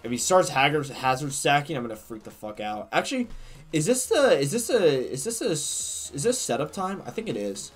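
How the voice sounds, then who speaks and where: A man's voice: fairly high pitch, sing-song, fairly quick, soft background music. A man giving profane, trash-talking live commentary while he plays a competitive game, swinging between rage and jokes.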